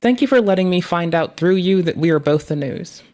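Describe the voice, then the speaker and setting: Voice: medium pitch, expressive, brisk, darkish tone. A streamer chatting casually while reacting to a video, rambling, joking and swearing freely. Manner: rambling, profane, playful. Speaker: live streamer.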